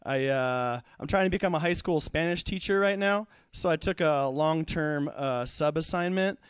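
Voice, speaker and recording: A man's voice: a little high, normal speed, clean tone, dry recording. Rambling young man doing stand-up. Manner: rambling, loses his thread, profane. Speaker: stand-up comedian. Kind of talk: stand-up comedy set. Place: live comedy show in a studio.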